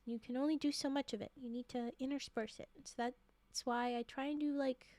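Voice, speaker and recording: A woman streamer chatting casually with her viewers, soft-spoken and rambling, with lots of fillers and laughs. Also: high-pitched, steady tone, fairly quick, no room sound. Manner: soft-spoken, drifting into quiet murmurs.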